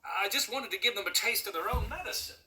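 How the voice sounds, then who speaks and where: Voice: medium pitch, fast, pushed and bright, voice pushed up. A reader voicing a nervous man who stammers and hesitates, in a storybook read-aloud. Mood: flustered.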